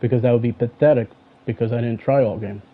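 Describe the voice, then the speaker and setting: A man's voice: mid-range voice, fairly even intonation, fast. Argumentative male gamer over a tinny line. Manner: argumentative, talks back at his online opponent. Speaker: gaming streamer. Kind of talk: live gameplay commentary. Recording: tinny phone-like sound.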